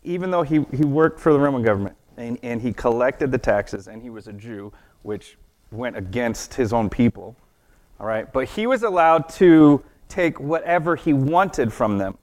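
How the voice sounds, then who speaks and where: A man's voice: mid-range voice, moderate pace, darkish tone. A man giving a casual children's sermon, chatty and playful, often asking the kids questions and laughing at his own jokes. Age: adult. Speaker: children's church teacher. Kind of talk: children's sermon with object lesson.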